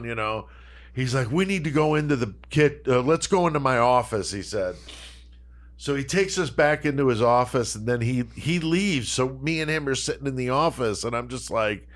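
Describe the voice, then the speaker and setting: A man's voice: mid-range voice, normal speed. A man on a podcast telling a long, profane, laughing anecdote and acting out the quotes. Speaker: podcast co-host. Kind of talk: casual storytelling.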